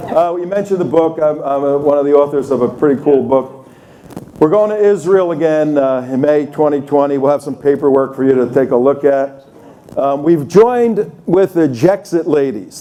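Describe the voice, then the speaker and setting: In a conference room, an older speaker with a fairly high, mellow voice delivers a chatty talk, with slight background noise. His anecdotes come alive as he acts out the people involved through voiced quotes.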